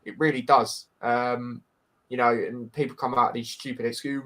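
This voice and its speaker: In a casual football chat, a Scouse-accented male podcast host speaks at normal speed with a level, medium-pitched and slightly bright voice. He's blunt and frank, frequently restarting, repeating himself and using "mate" often.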